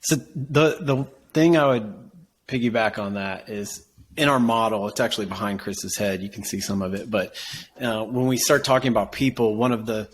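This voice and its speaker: A man's voice: fairly low pitch, slight background noise. Man explaining a leadership model. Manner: explanatory, measured teaching tone. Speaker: guest, business coach. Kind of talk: casual interview conversation.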